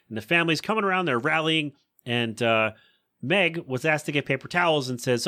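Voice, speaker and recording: Man host, casual recap, bright forceful voice, does silly character voices. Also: fairly high pitch, moderate pace. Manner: chatty, acts out quoted lines in funny voices. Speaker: podcast host.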